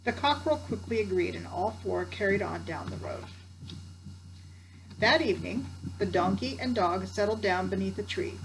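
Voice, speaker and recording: A woman's voice: medium pitch, animated, normal speed, creaky, noisy background. An older woman, a grandmother, reading a children's story aloud with chatty asides to her grandsons. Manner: warm chatty asides to the listener.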